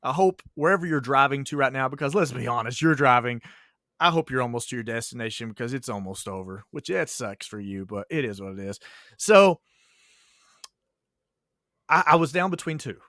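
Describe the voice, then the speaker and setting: A man's voice: mid-range voice, lively intonation, a little fast, fairly bright tone, dry recording, clean studio sound. A man co-hosting a casual podcast, telling teacher stories in a joking way and laughing often.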